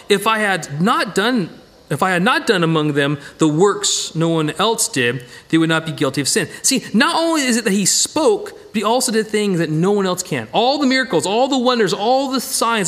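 A middle-aged man teaching a Bible study with slides, animated, often repeating phrases and correcting himself mid-sentence. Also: sits high, moderate pace.

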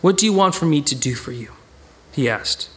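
Brief: high, lively male Bible teacher, theatrical, repeats himself. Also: normal speed. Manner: animated, acts out quoted voices, stammers and repeats words.

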